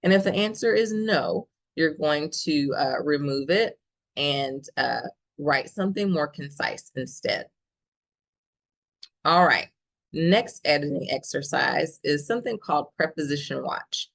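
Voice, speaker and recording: A woman's voice: sits low, animated, measured pace, creaky, low-quality recording. A woman professor presenting a writing workshop, explaining steadily and checking in with the audience with frequent "okay?". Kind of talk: instructional workshop talk.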